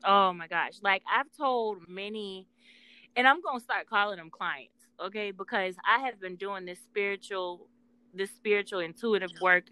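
A woman with a medium-pitched, bright, forceful, clean voice speaks at normal speed, though the audio is poor. A podcast co-host and spiritual intuitive worker, she talks casually but earnestly and emphatically about love and healing, telling stories with swearing.

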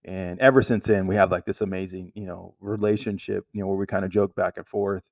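Low, gravelly man, casual storyteller, stumbles and restarts often, dry sound a bit off mic. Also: fairly even intonation, a little mellow, dry recording, far from the mic. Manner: halting, many restarts and "like" fillers. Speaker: manager telling a work story.

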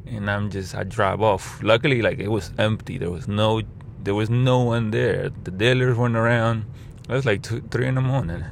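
Low gravelly guy rambling a cussy story about driving uber, sitting in his car. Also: moderate pace, a little hiss or hum. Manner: rambling, profane, animated quotes. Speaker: rideshare driver telling a story. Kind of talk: casual storytelling.

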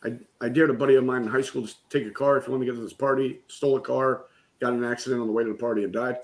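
A man's voice: mid-range voice, steady tone, rapid-fire. A middle-aged man in a conversation, telling an emotional personal story in a candid way and often checking in with "right?". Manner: candid, keeps saying "right?". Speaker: guest, business coach.

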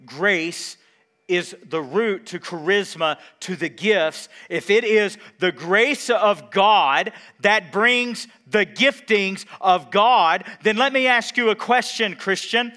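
A man preaching a sermon, asking the congregation questions and swinging between loud emphasis and quiet, drawn-out words. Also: a little high. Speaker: pastor.

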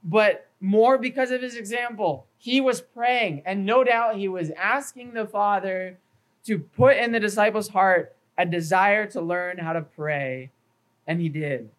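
A man preaching an evening sermon at a church in an earnest, steady way. He walks his listeners through numbered points and scripture references. Now and then he trips over a word and repeats it before pressing on. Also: sits high, measured pace, poor audio. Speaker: pastor.

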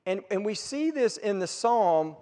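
A man preaches to a congregation at an unhurried, deliberate pace, his voice sitting a bit high. He leans into words with sudden rises and drops while quoting scripture. The sound rings with the long reverb of a large church hall. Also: sing-song, mellow. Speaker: pastor. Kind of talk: sermon.

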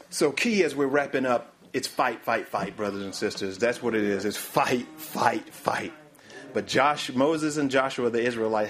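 A man preaching a sermon in a mid-range voice, often repeating "my, my, my." He calls for the next slide while he speaks. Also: medium pitch.

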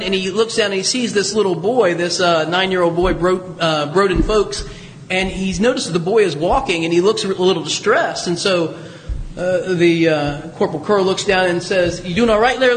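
A man's voice: high voice, a bit bright, slight background noise. An older man, a priest, giving a conversational, folksy homily with asides and chuckles in a church. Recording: reverberant church from a distance.

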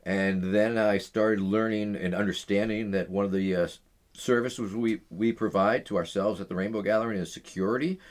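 Low-voiced middle-aged man telling stories. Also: steady tone, moderate pace. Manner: rambling, full of "uh" and "um" fillers. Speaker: interview guest. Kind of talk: casual storytelling in an interview.

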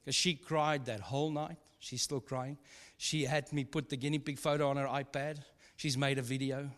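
A man of medium pitch and fairly even intonation preaches at a moderate pace, his tone a bit bright. As pastor he tells funny stories conversationally, laughing and wandering into asides, while a long hall reverb colors the sound.

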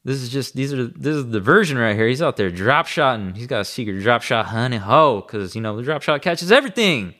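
Man, casual vlog chat, laid-back, slangy, chuckling, mid-pitched voice. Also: animated, a little fast, few pauses, a bit bright. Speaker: bass fishing angler. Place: room at home.

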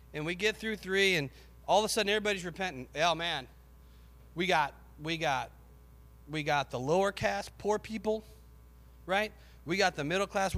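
A man preaching a sermon with passion, rising to shouts and acting out the voices of biblical figures. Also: high-pitched, in a large hall.

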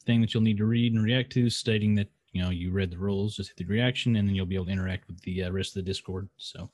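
A man's voice: on the low side, steady tone, fast, a little mellow, dry recording. A man co-hosts a casual podcast, recorded dry and close. He rambles through his points with plenty of hesitation. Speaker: podcast co-host. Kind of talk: casual chat.

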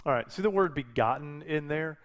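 A man's voice: a little high, expressive, fairly quick. A man preaching a sermon as a pastor, talking in a conversational way with frequent restarts and self-corrections.

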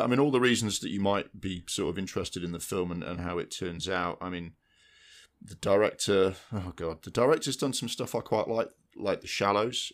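A man co-hosting a podcast, chatting casually about new releases and rambling through restarts. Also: low-pitched. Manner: rambling, restarts mid-sentence. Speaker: podcast co-host. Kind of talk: casual film chat.

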